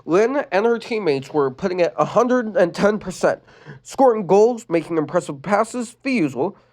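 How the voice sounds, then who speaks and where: Someone reads a sad fan-written story aloud at normal speed. The reading is expressive, its pitch lively and swooping, with an occasional stumble or restarted word.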